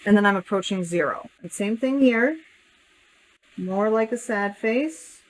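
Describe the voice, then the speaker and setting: In a low-quality recording, a woman teaching calculus talks a little slowly in an expressive, mid-range voice. The math teacher works step by step, voicing her thoughts and self-correcting as she draws a graph.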